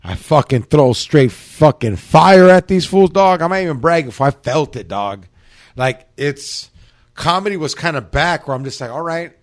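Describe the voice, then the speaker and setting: Man, podcast host, slangy, profane, animated storytelling. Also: fairly high pitch, normal speed. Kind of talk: casual storytelling chat.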